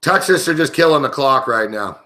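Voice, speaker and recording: A man's voice: medium pitch, animated, moderate pace, bright, forceful tone. A man hosting a sports betting show, giving live game commentary in an angry, profane, indignant rant.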